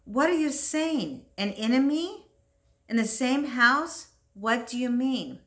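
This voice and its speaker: A woman reads as an anguished priest, a man torn between bitterness and forgiveness in an old New England tale. The delivery is slow and bright, reproachful and grave, read plainly from the page. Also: high voice, animated, pitched above the performer's own voice, heavily acted. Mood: shocked.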